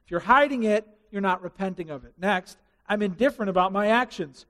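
A male pastor preaching a sermon in an animated way, acting out quotes and everyday scenarios. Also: high-pitched, fairly quick, big-room sound.

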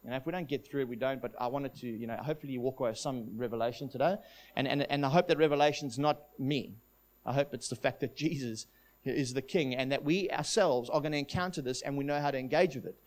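A man preaching a sermon, telling a testimony in an animated storytelling manner. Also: medium pitch, quick pace. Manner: animated storytelling, voices quoted demons.

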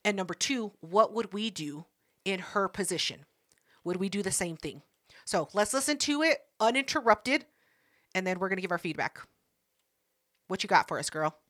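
A woman co-hosting a casual podcast, blunt and profane in quick banter. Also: mid-range voice, animated, fairly bright tone, dry recording, studio quality. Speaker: podcast co-host.

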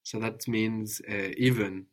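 A man's voice: lowish voice, fairly even intonation, slow. A man teaching a one-on-one language lesson, patiently drilling with prompts and tag questions.

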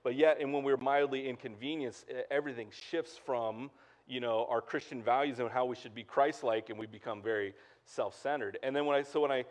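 A man preaching a sermon as pastor in a relaxed, conversational way, full of fillers and asides to the congregation. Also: medium pitch, a little fast. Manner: casual and chatty, lots of "like" and "right?".

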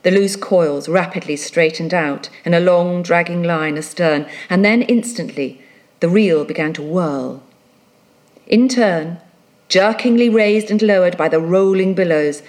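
Slow, dramatic woman narrator. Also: fairly low pitch, a little mellow. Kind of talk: audiobook reading.

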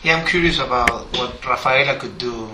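A man's voice: medium pitch, normal speed, echoey room, noisy background. A man from Argentina, chatting on a podcast in an easygoing way, laughing often. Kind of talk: casual podcast chat.

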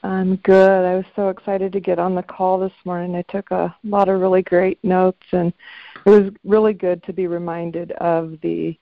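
A woman's voice: on the low side, flat delivery, normal speed, dry recording. A woman on a group video call, eagerly sharing her thanks. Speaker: call participant. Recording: lo-fi dry call audio.

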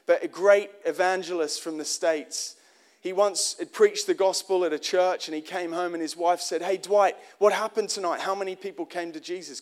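A man preaching a sermon in an earnest, conversational way, often restarting phrases and asking the congregation direct questions. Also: high-pitched.

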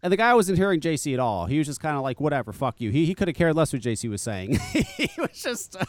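A man's voice: fairly high pitch, fast talker, no room sound. Guy on a podcast ranting through a story, cussing a lot, voice bouncing up and down, dry close mic. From northern US. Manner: profane, animated storyteller who acts out quotes. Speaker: podcast host. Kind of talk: casual storytelling chat.

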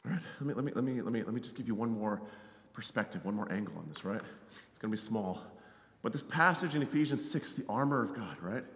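A man's voice: fairly low pitch, fast. Conversational male preacher in an echoing hall. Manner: conversational, tag questions, animated swings from loud to hushed. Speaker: missionary preacher. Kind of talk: sermon. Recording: roomy hall reverb.

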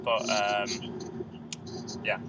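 A man co-hosting a casual podcast while driving, teasing the others with quick interjections. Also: fairly low pitch, completely flat delivery. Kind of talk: casual banter. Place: inside a moving car. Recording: distant voice over loud road noise.

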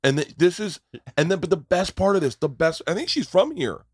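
A man's voice: sits high, big pitch swings, a little fast, breathy edge, no room sound. A male podcast host rambles through anecdotes with profane enthusiasm. His voice sits in a mid range, dry and close to the mic. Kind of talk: casual chat. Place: tour bus.

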